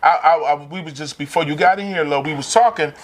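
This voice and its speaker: A man speaking as a guest in a casual panel discussion, relaxed and joking in streetwise speech. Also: fairly high pitch, quick pace.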